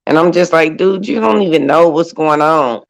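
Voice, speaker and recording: Brief: woman in her 40s, panel chat, lively storyteller who acts out quotes. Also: low-pitched, normal speed, low-quality recording. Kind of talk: casual group chat.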